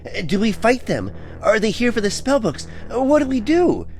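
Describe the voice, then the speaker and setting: A man voicing a nervous young man who talks in an anxious, squeaky voice in an audiobook. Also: huge pitch swings, moderate pace, darkish tone, soft background music.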